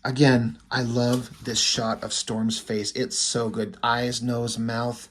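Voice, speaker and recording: A man's voice: medium pitch, level tone, slow, few pauses. A man giving casual, profane commentary as he reviews a comic page by page, thinking aloud and lingering admiringly on the art.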